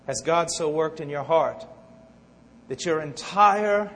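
A man preaching a sermon with impassioned swings between hushed and loud delivery. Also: on the high side, slight background noise. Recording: long hall reverb.

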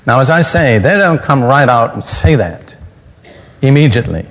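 A man's voice: medium pitch, expressive, normal speed. A man preaching a sermon, reading scripture aloud and then explaining it in plain words, recorded in a reverberant hall.

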